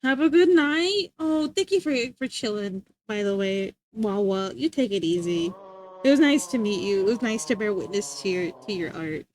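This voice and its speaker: A woman's voice: mid-range voice, normal speed. A young adult woman streaming live, giggling often as she chats casually with her viewers. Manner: giggly, animated, chatty. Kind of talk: casual chat reading live chat. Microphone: streaming mic.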